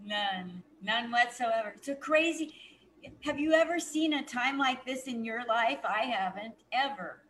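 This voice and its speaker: A woman's voice: on the high side, expressive, a little slow, a bit bright, slight background noise, poor audio. A woman hosting a podcast, chiming in briefly and laughing along with her guest. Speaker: podcast host. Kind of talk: casual interview chat.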